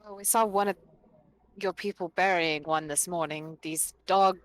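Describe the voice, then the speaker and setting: A woman taking part in a tabletop game in character, laying out her reasoning in a measured way. Her voice sits low. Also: steady tone. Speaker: player.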